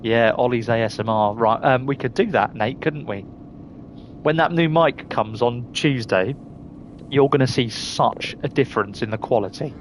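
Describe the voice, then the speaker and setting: A man's voice: medium pitch, a little slow, slight background noise. A middle-aged man with a Surrey accent, chatting casually to viewers while live-streaming a game, reading out their names and laughing often. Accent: Surrey English. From England.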